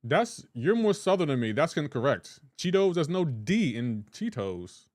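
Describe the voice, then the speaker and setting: A man with a fairly high, sing-song voice and a darkish tone talks at normal speed in a clean studio recording with no room sound. He hosts a live game stream in casual chat, joking as he reads out viewers' names and messages and playfully teases them about how they pronounce words.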